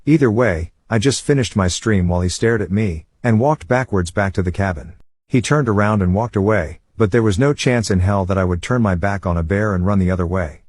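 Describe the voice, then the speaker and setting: A man narrating online stories aloud in a steady, even reading voice. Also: lowish voice, fairly quick, husky, dry recording.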